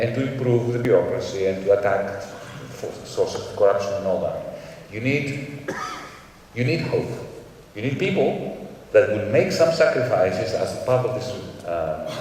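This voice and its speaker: Panel guest from Greece: a deliberate, emphatic man, recorded far off in a reverberant hall. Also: lowish voice, darkish tone, slight background noise. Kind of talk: conference panel answers. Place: large conference hall.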